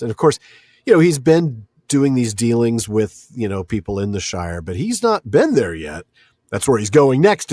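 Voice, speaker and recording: Male podcast co-host, husky lowish voice, very animated delivery, dry close mic. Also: no room sound. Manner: animated, reads passages aloud, quick to laugh. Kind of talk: casual book discussion.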